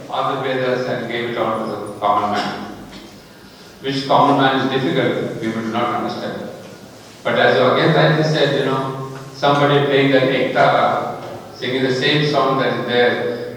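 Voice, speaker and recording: A man with an Indian accent giving an earnest public talk, emphatic and slowing down on key words. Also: mid-range voice, fairly bright tone, a little hiss or hum. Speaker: speaker in a discussion. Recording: echoey hall from far off.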